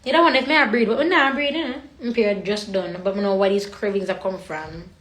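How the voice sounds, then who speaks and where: A woman's voice: medium pitch, brisk, a bit bright. A woman with a Jamaican accent hosting a casual livestream, chatting to her viewers and slipping in and out of patois, recorded on a phone in an echoey room. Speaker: livestream host.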